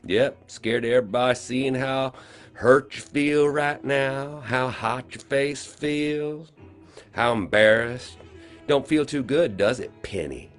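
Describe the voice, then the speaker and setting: A man voicing a slow, confident country schoolgirl with a rural Southern accent, sly and teasing. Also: mid-range voice, faint music behind, pitched above the performer's own voice, close to an everyday voice. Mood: taunting. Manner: drawling, teasing, quietly menacing.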